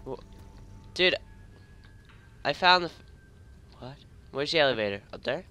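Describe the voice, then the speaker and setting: A young man riffing through a co-op zombie game with a bright, sharp voice that jumps all over the place. He talks casually and erupts into loud shouts. It sounds like a headset mic over voice chat. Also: a little high, a little slow. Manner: excitable, loud outbursts and laughter while playing. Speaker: gamer co-host. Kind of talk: casual gaming commentary.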